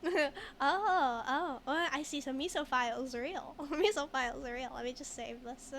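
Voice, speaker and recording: A woman's voice: sits high, a little slow, fairly bright tone, a little hiss or hum. A woman streaming a game who jokes, giggles often and reads chat in casual commentary. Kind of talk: casual let's-play commentary.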